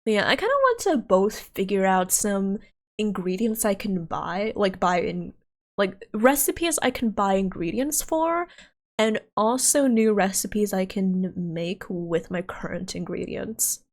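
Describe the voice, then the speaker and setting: A woman's voice: mid-range voice, big pitch swings, unhurried. A woman VTuber streamer chatting casually on a live stream, giggly and rambling, her voice tired and wearing out. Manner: giggly and rambling, with many restarts.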